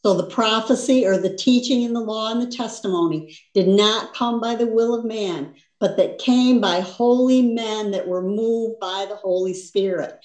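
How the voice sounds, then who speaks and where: A woman's voice: medium pitch, normal speed, a little mellow. A woman teaching scripture in a loose, conversational preaching style. She keeps checking with her listeners as she goes, and her mid-range voice rings in a roomy space. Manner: conversational preaching, frequent "you understand?" and "see?". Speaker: Bible teacher. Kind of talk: sermon.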